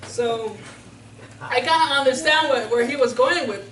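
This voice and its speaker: A woman from Puerto Rico preaching a sermon, telling a Bible story in a playful, animated way. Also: high-pitched, moderate pace. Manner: animated, playful, acts out characters. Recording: roomy church sound from a distance.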